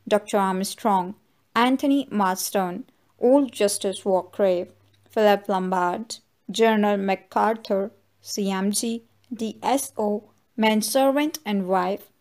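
A woman's voice: medium pitch, darkish tone. A woman voicing a middle-aged man in disguise who mutters his thoughts and soothes others. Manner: muttering to himself, placating. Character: shifty middle-aged male detective in disguise.

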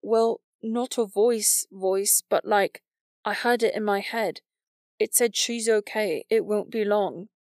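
A woman's voice: mid-range voice, fairly even intonation, takes it slowly, darkish tone, no room sound, studio quality. Woman reading an earnest shy teenage boy. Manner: earnest, hesitant.

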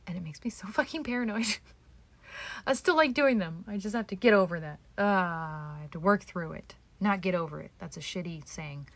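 A woman's voice: on the low side, normal speed, fairly bright tone, dry recording. A woman hosting a solo podcast from home, talking candidly and self-deprecatingly, swearing freely and sometimes dropping to a whisper. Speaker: podcast host. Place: home, indoors.

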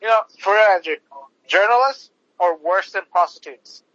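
In a high, slightly bright voice at normal speed, a man hosting a podcast delivers a loose, foul-mouthed rant with plenty of fillers and restarts. It's a dull lo-fi recording without room sound.

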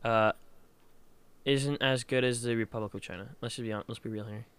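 A man's voice: mid-range voice, fairly even intonation, fairly quick, a bit bright, clean tone. A man co-hosting a casual chat, hesitant and rambling, often restarting and laughing. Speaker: podcast co-host.

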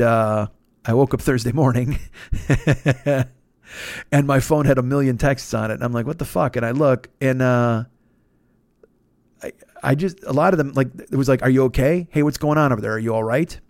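A man's voice: medium pitch, normal speed, long pauses, darkish tone, dry recording, studio quality. A man in his fifties hosting a comedy podcast, telling a long story in a casual, profane way, full of restarts and self-interruptions. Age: 50s.

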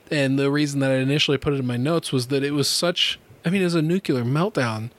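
A man in his thirties hosting a podcast, telling stories in a casual, animated way, laughing often and swearing freely. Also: fairly high pitch. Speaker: podcast host.

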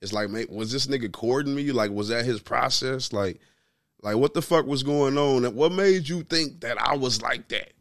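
A man's voice: mid-range voice, normal speed, a bit bright, dry recording, studio quality. A man in his thirties co-hosting a podcast, telling a story in casual chat, full of slang and repeating "you know what I'm saying". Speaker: podcast co-host.

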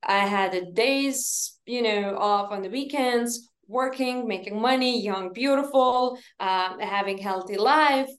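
A woman speaks as an interview guest in a voice a little higher than most. She tells her story earnestly and emphatically, with slightly grammar. The recording has a roomy, echoey sound. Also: slow pace, hardly any pauses. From Lithuania. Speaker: podcast guest, company founder.

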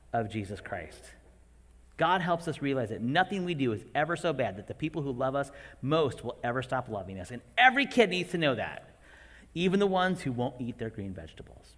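Lively bright-voiced man preaching. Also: mid-range voice. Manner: animated, acts out his own outbursts. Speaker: pastor. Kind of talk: sermon. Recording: long hall reverb.

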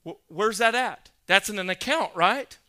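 A male pastor preaching a sermon, emphatic, building to loud, insistent peaks and quizzing his congregation. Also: high voice, expressive, moderate pace.

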